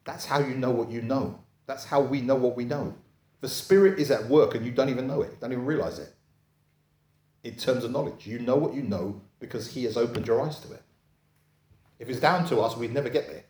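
A man preaches in a conversational, back-and-forth way, often checking in with the crowd. His voice sits in a mid pitch. The sound echoes around a church hall. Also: brisk, darkish tone. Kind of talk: sermon. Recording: echoey room.

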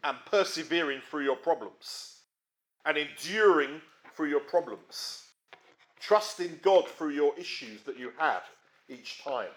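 A man preaching a sermon in a conversational way, often checking in with his listeners and swinging between emphatic rises and quiet drops. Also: a little high, animated, unhurried. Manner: conversational, frequent tag questions.

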